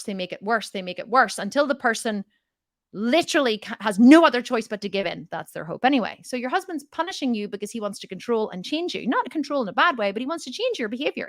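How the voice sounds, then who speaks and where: A woman's voice: a little high, dry recording, clean studio sound. A middle-aged woman giving motivational coaching in a question-and-answer talk, emphatic and repeating her points for weight. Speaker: fitness and mindset coach.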